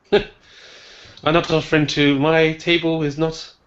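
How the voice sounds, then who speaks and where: A man's voice: a little high, flat delivery, slow pace, highs cut off, a little hiss or hum, voice pushed up. Man playing a teasing female adventurer.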